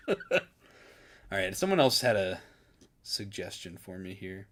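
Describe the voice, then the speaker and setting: A man's voice: low-pitched, very animated, slow pace, a bit bright. A man hosting a live stream, talking casually and loosely with lots of "dude" and "like". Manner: laid-back, chatty, full of fillers like "dude".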